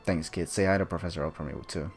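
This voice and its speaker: A busy shop clerk, read aloud by a man asks a favor in a plain, low voice. It sounds like a relaxed player reading game text out loud. Faint game music sits behind him. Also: quick pace. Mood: asking.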